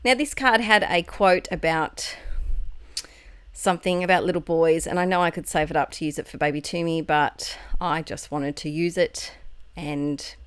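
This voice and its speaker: An Australian woman talks through her craft project in a relaxed, rambling voiceover. Her voice sits a little low for a woman. She often stops to correct herself and fills the gaps with small laughs. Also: normal speed, smooth, no room sound. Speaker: craft video creator. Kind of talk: casual voiceover narration. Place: home, recorded at night.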